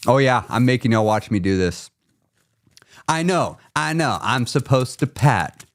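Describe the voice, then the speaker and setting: With a medium-pitched voice at a measured pace, this man sounds animated as he runs a casual live stream as a weight loss coach. He addresses viewers directly, pushing and teasing them, and laughs frequently.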